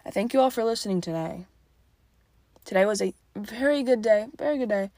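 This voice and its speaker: Tired young woman hosting a solo podcast, calm and soft-spoken, gravelly fry, close and dry sound. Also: medium pitch, brisk, dry recording. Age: young adult. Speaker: podcast host. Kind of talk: casual solo podcast monologue. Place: at home late at night.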